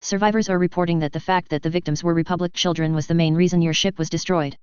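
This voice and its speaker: A woman's voice: fairly low pitch, fairly even intonation, fast talker, a little mellow, clean tone, no echo, dull audio, lightly acted. A woman reading the lines of a pushy, probing press reporter. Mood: insistent. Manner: probing, insistent.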